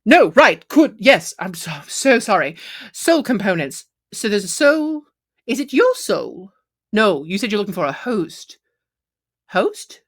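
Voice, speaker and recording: Woman GM voicing a camp, flustered male satyr for a tabletop game; slow, theatrical. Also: mid-range voice, big pitch swings, fairly bright tone, full character voice. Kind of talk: tabletop role-play.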